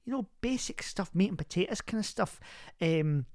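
Man putting on a homely Scottish agony aunt, rambling, laughing a lot, raised pitch, dry close sound. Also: animated, normal speed, darkish tone, no room sound. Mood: chatty. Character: chatty middle-aged Scottish woman agony aunt. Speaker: podcast advice host. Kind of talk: comic advice podcast monologue.

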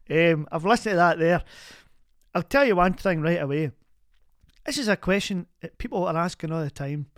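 A blunt uncle, as a man puts him on, who banters and chuckles while giving advice. His voice is raised, loud and pitched up, and it sounds dry and close. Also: expressive, normal speed, long pauses, no room sound. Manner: blunt, bantering, laughs a lot. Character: gruff older Scottish uncle, accordion player.

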